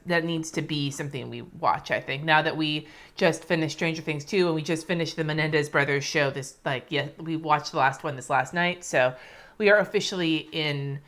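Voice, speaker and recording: A woman's voice: deep voice, fairly bright tone. A woman from California chatting casually on a live stream, answering viewers by name and swearing freely as she plans her week. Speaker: planner vlogger reading live comments. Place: home, indoors.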